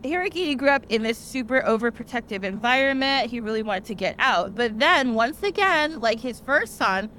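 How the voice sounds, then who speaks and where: A young woman hosting a podcast, casually retelling an old tale in a chatty, animated way with lots of "like" fillers. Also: a little high, normal speed, hardly any pauses, slight background noise. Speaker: podcast host. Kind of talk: casual storytelling.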